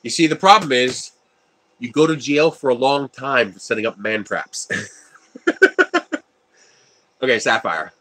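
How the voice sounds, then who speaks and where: A man's voice: mid-range voice, animated, measured pace, long pauses, a bit bright. A man hosting a casual livestream while building a 3D printer, telling stories, laughing often and answering viewer chat. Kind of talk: casual live-stream chat.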